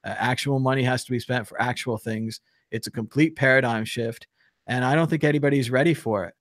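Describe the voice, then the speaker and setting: A man hosting a live call-in talk show, speaking in an animated, opinionated way with geeky tangents. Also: mid-range voice, a little fast, dry recording, clean studio sound. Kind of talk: casual live call-in discussion.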